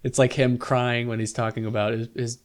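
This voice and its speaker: A man's voice: medium pitch, little pitch movement, brisk. A man co-hosting a podcast in casual comedy chat, rambling with fillers, laughter and swearing. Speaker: podcast co-host.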